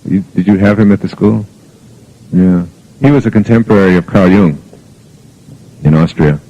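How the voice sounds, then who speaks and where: A man with a low, warm voice speaks at a moderate pace, and the audio is dull. He's a motivational speaker lecturing an audience, telling anecdotes in an earnest, reflective way. His storytelling rambles and is packed with fillers.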